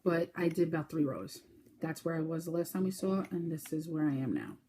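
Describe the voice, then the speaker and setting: A woman hosting a casual crochet podcast, talking fast and chatty, showing her projects with lots of fillers. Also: animated, noisy background. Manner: chatty, fast-talking, with fillers and sudden high baby-talk bursts. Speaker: podcast host.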